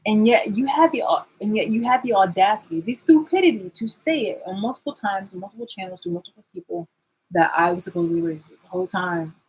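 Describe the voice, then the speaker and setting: A woman with a husky, slightly breathy voice delivers a confrontational vlog rant. She rambles and circles back, cutting herself off mid-sentence. Her tone is sarcastic and blunt, with swearing sprinkled throughout. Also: medium pitch, a little fast, low-quality recording. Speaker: vlogger.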